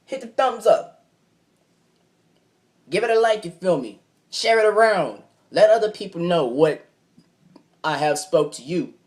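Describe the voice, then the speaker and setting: A man's voice: medium pitch, a little mellow. A man vlogger telling a personal story in loose, slangy casual talk, keeping the tone conversational. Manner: slangy, loose, keeps saying "you feel me". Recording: noisy recording.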